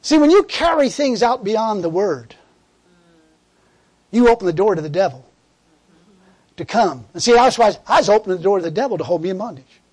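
A man's voice: high voice, sing-song, brisk, long pauses, darkish tone, husky. A man preaching a sermon in a fervent, conversational way, repeating words and laughing as he tells a story.

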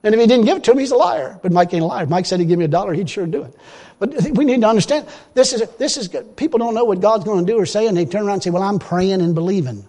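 A man preaching a sermon in a folksy, emphatic way, breaking into loud exclamations. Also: high-pitched, lively intonation, racing. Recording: long reverb of a hall.

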